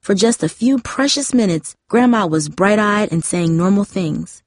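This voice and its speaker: A woman reads a story aloud in a gentle, even manner. Her voice sits in a middle pitch and the sound is dry and close. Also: normal speed, dry recording. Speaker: narrator. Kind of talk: audiobook reading.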